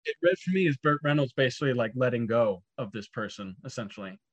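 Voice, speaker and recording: A man's voice: medium pitch, expressive, fast talker, dull audio. A man co-hosting a podcast who laughs often and swears casually while he talks through a film. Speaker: podcast co-host.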